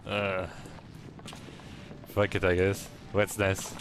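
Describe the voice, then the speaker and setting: A man's voice: low-pitched, level tone, normal speed, background noise. A man streaming a game, giving casual, blunt commentary with muttered asides and free swearing.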